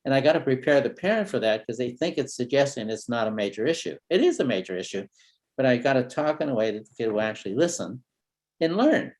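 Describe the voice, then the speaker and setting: A man working as a family therapist talks parents through a parenting tip at a middle pitch. He tells it like a story, easy and rhythmic. He stops now and then to let the suspense build. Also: fast talker. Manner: relaxed storytelling with role-played dialogue. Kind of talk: parenting training talk.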